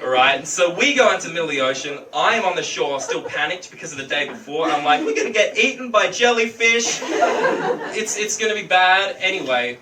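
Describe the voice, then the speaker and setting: An Australian man performing a stand-up comedy set, telling stories in an animated way and slipping into quick character voices. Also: medium pitch, background noise. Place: comedy venue with a live audience. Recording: roomy, distant mic with loud audience laughter.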